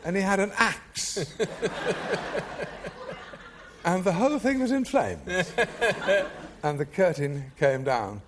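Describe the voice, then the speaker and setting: A man's voice: sits high, animated, slow, pauses often. A man telling an anecdote as a talk show guest, laughing through the story. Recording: TV studio with audience noise.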